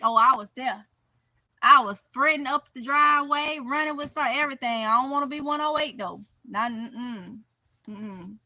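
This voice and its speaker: A woman with a Mississippi Southern accent chatting casually on a live stream, reading viewer comments aloud, animated and laughing often. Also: high voice, dry recording. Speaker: vlogger reading live chat.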